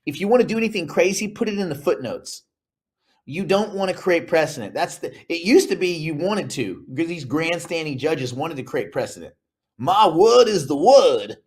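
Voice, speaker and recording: A man's voice: a little high, animated, fairly quick. A man hosting a casual crypto talk show, joking and rambling between topics. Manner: joking, rambling, puts on mock voices. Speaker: host.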